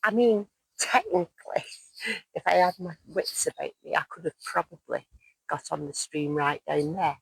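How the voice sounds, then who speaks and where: A woman's voice: deep voice, expressive, moderate pace, gravelly, husky, no echo, poor audio. A woman in her fifties chatting to the camera as she hikes outdoors, asking her viewers questions as she goes. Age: 50s. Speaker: solo hiking vlogger. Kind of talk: casual walking vlog talking to camera. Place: outdoors on a countryside hike. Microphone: handheld camera held while walking.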